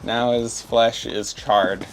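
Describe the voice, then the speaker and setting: A man running a tabletop game as game master, narrating in an unhurried, laid-back way with fillers. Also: mid-range voice, fairly even intonation, crowd noise.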